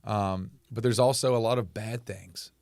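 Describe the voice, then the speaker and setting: Man, 40s, southern us accent, candid interview guest, fairly low voice, dry close sound. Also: normal speed, dry recording. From North Carolina, US. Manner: candid, swears freely, animated when telling stories. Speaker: musician guest. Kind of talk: casual interview talk.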